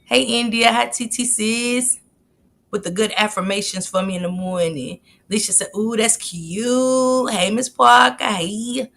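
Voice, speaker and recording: A woman hosts a casual live stream. She chats in a lively way and greets viewers in the chat one by one by name. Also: mid-range voice, normal speed, vocal fry.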